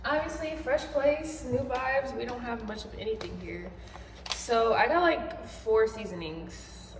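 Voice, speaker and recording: A woman's voice: fairly high pitch, unhurried, reverberant, a little hiss or hum. A young pregnant woman chatting casually while she cooks in her home kitchen, rambling and laughing often. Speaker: vlogger.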